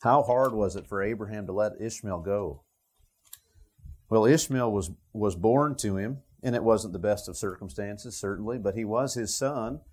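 A man with a lowish, slightly mellow voice and a breathy edge preaches an expository Bible sermon at a moderate pace. He talks it through conversationally, thinking aloud together with his listeners.

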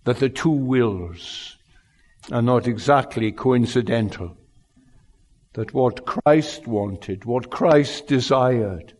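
A male pastor preaching a sermon in an earnest, unhurried way, his loudness rising and falling. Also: medium pitch. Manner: slow, earnest preaching with wide swings in loudness. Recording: long hall reverb.

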